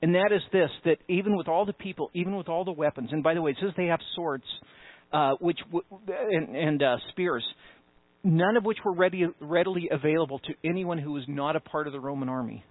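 Male pastor, sermon delivery, high voice, emphatic, thin phone-like audio. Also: brisk, no echo. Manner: emphatic, rising with conviction, conversational asides. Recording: tinny phone-like sound, dry.

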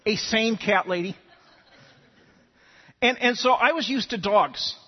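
A man's voice: sits high, slow pace, pauses often, in a large hall, lo-fi sound. A man preaching a sermon, telling stories and often repeating words as he starts sentences. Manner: animated storytelling, repeats words when starting. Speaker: pastor.

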